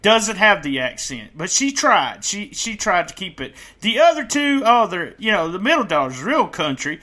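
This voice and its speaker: A man's voice: high-pitched, sing-song, normal speed, sharp tone. A middle-aged man from the Southern US, with a Southern accent, hosting a podcast and chatting in a rambling way. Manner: rambling, chatty, restarts phrases. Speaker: podcast host. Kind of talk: casual podcast chat.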